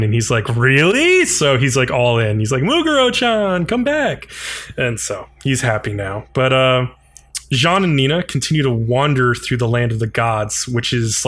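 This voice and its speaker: A man co-hosting a podcast, casually recapping an episode and briefly acting out the characters' lines. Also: medium pitch. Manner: animated retelling, frequent "like", acts out characters' lines. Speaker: podcast co-host.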